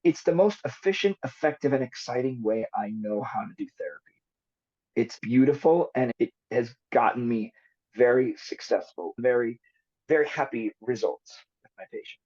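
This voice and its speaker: Husky, animated psychologist explaining therapy. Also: male voice, mid-range voice, moderate pace. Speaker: psychologist guest. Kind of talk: podcast interview. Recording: dull lo-fi recording.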